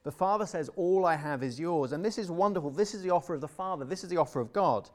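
A young adult man preaching a sermon in an earnest, emphatic way, sometimes dropping to a soft, tender tone. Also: high-pitched, expressive, racing.

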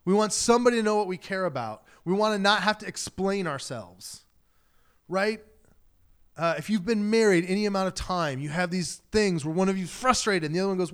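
A man's voice: high-pitched, lively intonation, a little fast, clear, resonant tone. A man preaching a sermon as pastor, talking in a loose conversational way and acting out quoted voices.

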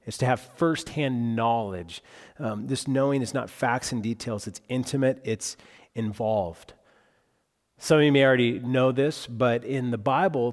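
A male pastor delivering a sermon in an expressive preaching manner, speeding up for retold dialogue and going quiet for emphasis. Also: mid-range voice, long reverb tail.

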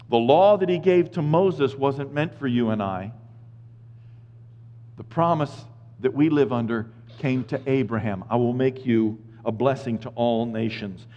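A man in his fifties preaching a sermon in a casual, jokey way, swinging from hushed asides to shouted lines. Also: mid-range voice. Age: 50s. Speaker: pastor. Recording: muffled sound with long hall reverb.

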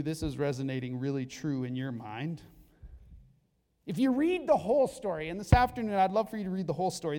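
Animated preaching man in an echoing hall. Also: high-pitched. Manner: animated storytelling, jokey asides. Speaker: pastor. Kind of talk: sermon. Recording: long hall reverb.

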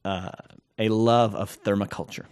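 A man in his thirties of Scandinavian heritage co-hosts a podcast, bantering casually, rambling, chatting with plenty of fillers and laughing easily. His lowish voice is clear, resonant and darkish in tone, with fairly even intonation at a normal speed.

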